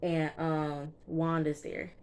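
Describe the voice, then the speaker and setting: A woman's voice: sits low, flat delivery, slow, a little mellow, smooth. Chatty woman recapping a TV episode. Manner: chatty, emphatic, frequent fillers, speaks directly to viewers. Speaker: TV recap vlogger.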